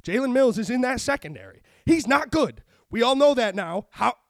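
Male podcast host, high voice, profane and animated, dry booth. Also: brisk, no room sound. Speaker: sports betting podcast host. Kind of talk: casual chat.

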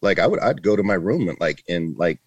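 A middle-aged man speaks low in his register, earnestly and loosely, circling back and restarting his sentences. He is a retired border patrol agent in a casual interview. The sound is dry and close, with no room echo. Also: very animated, brisk, highs cut off. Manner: earnest, rambling with many restarts and fillers.

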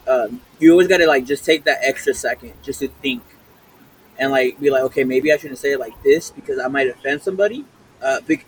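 A man's voice: mid-range voice, recorded from a distance, low-quality recording. A man co-hosting a casual podcast chat, slangy and dropping Spanish phrases into his talk. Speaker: podcast co-host. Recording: off-mic with faint background noise.

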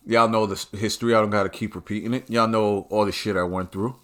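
A man's voice: lowish voice, steady tone, fast, a bit bright. Angry, profane man ranting. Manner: heated, profane and repetitive. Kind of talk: ranting monologue.

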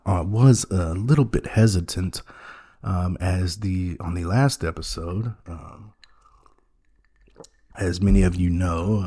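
A man hosting a podcast in a rambling, mock-earnest monologue, halting often with ums and restarts. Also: low voice, warm tone, husky. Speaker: podcast host.

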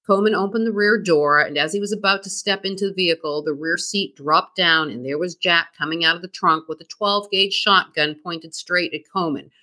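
Bright-voiced woman narrating true crime. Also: fairly low pitch, fairly quick, few pauses. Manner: reads from a script, dramatic storytelling. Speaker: podcast co-host.

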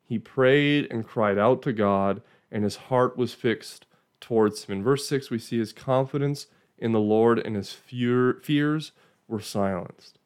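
A man's voice: mid-range voice, a little slow, smooth. A man giving an informal Bible teaching in a conversational way, often checking in with "right?" and restarting phrases.

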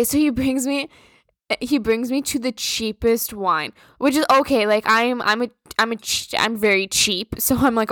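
A woman's voice: a little high, moderate pace, a bit bright, no echo, studio quality. A young woman from Minnesota hosting a podcast, telling a story in a blunt, profane, casual rant. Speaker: podcast host.

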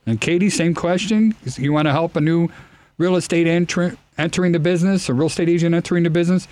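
A man with a Chicago accent hosting a radio talk show, reading out plugs and phone numbers in a brisk, friendly way. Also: on the high side, fairly even intonation, darkish tone.

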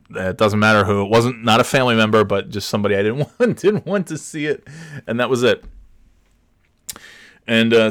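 A man's voice: fairly low pitch, dry recording, studio quality. A man in his forties telling stories in a casual, rambling monologue, restarting his sentences and laughing at his own tales. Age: 40s.

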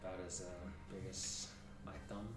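Rambling low-voiced man narrating a game. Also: completely flat delivery, normal speed, far from the mic. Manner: rambling, self-interrupting. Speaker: game master. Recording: echoey room, off-mic, music bed.

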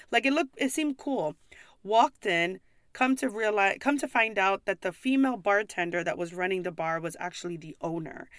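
A young woman from the United States rants to the camera about her job serving in a pub, swearing freely and then apologizing. Her voice sits at an ordinary middle pitch. The sound is dry and close, with no room echo. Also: a bit bright, clean tone. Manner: blunt, swearing, quick asides and apologies. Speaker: pub server. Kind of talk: casual vlog rant.

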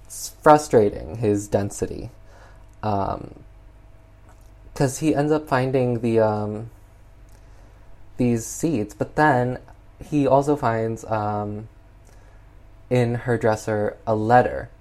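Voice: medium pitch, slow pace, long pauses, a little mellow. A film reviewer recapping a movie plot in casual chat, exasperated and full of "like" and "um.". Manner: chatty, exasperated, heavy use of "like".

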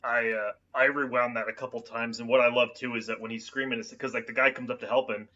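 A man co-hosting a casual podcast discussion, excitable, acting out quotes in loud bursts. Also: medium pitch, fast talker, highs cut off. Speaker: podcast co-host.

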